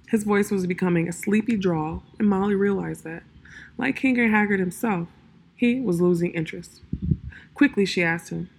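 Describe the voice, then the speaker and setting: A woman reading a fantasy story aloud in a calm, measured narration. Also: mid-range voice, creaky, husky.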